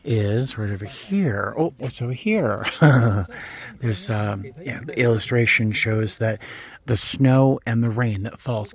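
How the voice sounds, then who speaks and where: A man's voice: on the low side, a bit bright. A man chatting casually as he walks and films outdoors on a desert boardwalk, easily delighted and exclaiming often. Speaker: vlogger. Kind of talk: casual walking vlog.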